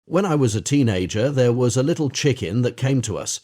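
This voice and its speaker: A man's voice: medium pitch, lively intonation, a little fast, close to an everyday voice. A man reading as a tender woman fondly recalling her pets. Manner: soft, fond, emotional.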